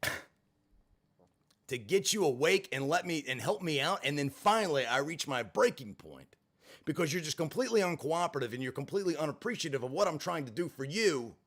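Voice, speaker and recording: Fairly quick and somewhat high-pitched, a man recounts something from his own life on a vlog. He curses openly, stays expressive throughout, and keeps slipping in sarcastic remarks.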